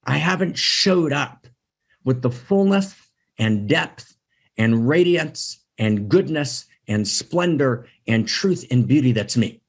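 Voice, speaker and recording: A man's voice: mid-range voice, expressive, slow. A man giving an emphatic spiritual teaching talk, repeating his phrases and often checking in with "right?".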